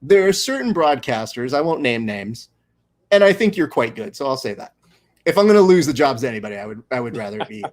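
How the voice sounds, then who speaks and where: A man's voice: mid-range voice, sing-song, quick pace. A man hosting a casual watch-along show, chatting and teasing his guest with frequent laughs. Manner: joking, teasing, laughs often. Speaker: show host.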